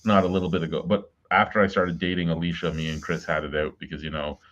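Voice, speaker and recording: A man's voice: low-pitched, little pitch movement, fast, a bit bright. A man hosting a casual beer chat over a video call, blunt and swearing as he rants through stories. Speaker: podcast host. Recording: dull lo-fi video call audio.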